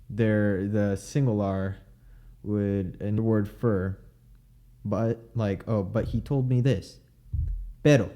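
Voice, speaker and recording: A man with a low, mellow voice hosts a podcast on linguistics, explaining how words are pronounced and demonstrating them. His casual educational monologue is full of fillers.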